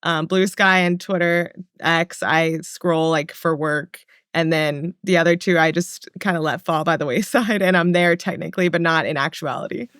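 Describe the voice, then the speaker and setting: A relaxed, thoughtful panelist chatting on a podcast at an easy pace. The voice is smooth and clear at a middle pitch, recorded close and dry. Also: moderate pace, dry recording. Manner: relaxed, thoughtful, light laughs. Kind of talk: casual chat.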